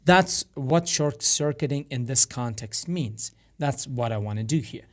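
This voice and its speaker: Man, programming instructor, rough gravelly voice, stop-start step-by-step explaining. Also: medium pitch, animated, a little slow. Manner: explains step by step with frequent fillers and restarts. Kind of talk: screen-recorded coding tutorial.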